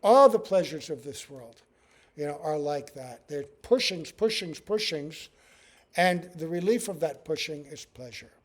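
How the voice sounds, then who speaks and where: High-voiced man giving a spiritual talk. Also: lively intonation, a little slow. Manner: storytelling with acted quotes and frequent "right?". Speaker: spiritual teacher. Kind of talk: scripture class talk.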